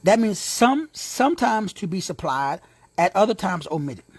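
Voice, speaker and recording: A man's voice: sits high, big pitch swings, moderate pace, breathy edge, dry recording. A man teaching a sermon-style Bible lesson, emphatic and repetitive, with slangy asides to his listeners. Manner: emphatic, repeats key words, slangy asides.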